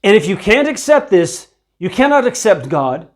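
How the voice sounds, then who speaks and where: A man preaching a stern video sermon on scripture, rebuking listeners in a terse but gentle tone. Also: sits high, very animated, normal speed. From Ukraine.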